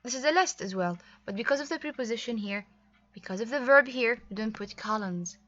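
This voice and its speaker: A woman's voice: fairly high pitch, animated, a little fast, highs cut off. A woman teaching a recorded English grammar lesson, explaining patiently step by step with small fillers.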